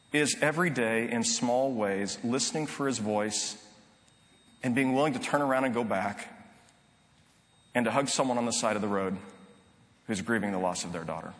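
A man's voice: mid-range voice, a bit bright. A middle-aged man preaching a sermon, telling a story in an earnest, conversational way with frequent restarts. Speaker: pastor. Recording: long reverb of a large hall.

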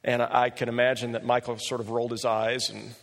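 A man preaching a sermon and telling a story with animated delivery, often rising in pitch when he quotes people. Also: a little fast, vocal fry. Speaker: pastor. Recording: long reverb of a large hall.

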